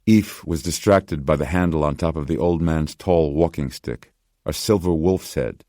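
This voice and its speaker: Male audiobook narrator, extremely low, steady, dry booth sound. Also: no echo. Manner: measured, steady storytelling. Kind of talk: scripted narration.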